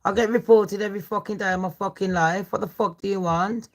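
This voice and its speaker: A woman's voice: medium pitch, steady tone, fairly quick. A woman, hosting a live stream and ranting, swearing and squaring up to commenters between true-crime chat. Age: 40s. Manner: foul-mouthed, confrontational, ranting at chat. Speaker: livestream host.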